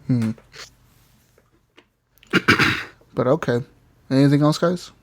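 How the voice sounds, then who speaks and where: A man's voice: medium pitch, takes it slowly. A man hosting a gaming podcast, chatting casually, rambling with frequent laughs and swearing. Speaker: podcast host.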